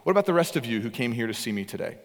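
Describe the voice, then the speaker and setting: A man preaching a sermon with earnest emphasis, his voice swinging between loud and hushed. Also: medium pitch, very animated, rapid-fire, in a large hall. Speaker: pastor.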